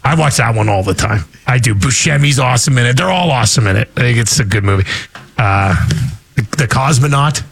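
A man hosting a morning radio show, joking and chatting with quick asides. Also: medium pitch, creaky, fairly bright tone. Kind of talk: casual radio banter.

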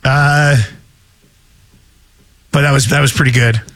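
A man hosting a radio show, running a quick quiz and joking around with laughter in an upbeat, teasing manner. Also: mid-range voice, fairly even intonation, a bit bright. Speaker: radio host. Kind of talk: casual radio chat and quiz.

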